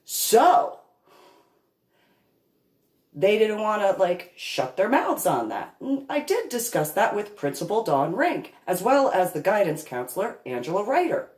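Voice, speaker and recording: Slow, emphatic woman in an echoey room. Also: medium pitch, sing-song, darkish tone. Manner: slow and emphatic, with deliberate pauses. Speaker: parent telling her story. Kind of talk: unscripted monologue vlog.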